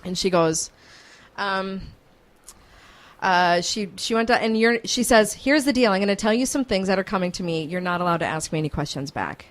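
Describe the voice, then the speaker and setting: A woman hosting a morning radio show, telling a story in an animated, chatty way. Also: medium pitch, normal speed. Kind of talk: casual radio chat, storytelling. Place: radio studio.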